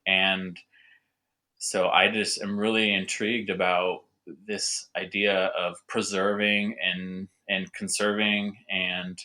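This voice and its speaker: A man's voice: deep voice, little pitch movement, slow, bright, forceful tone. A young adult man being interviewed as a winemaker, talking eagerly and rambling with lots of fillers. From North America. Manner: enthusiastic, rambling with many fillers. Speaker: winemaker guest. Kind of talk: casual conversational interview.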